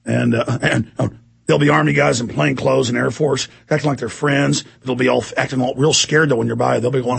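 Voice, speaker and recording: Gravelly hoarse radio host ranting. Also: male voice, mid-range voice, brisk. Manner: fiery, sarcastic, shouting outbursts. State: hoarse from screaming. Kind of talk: heated talk radio ranting.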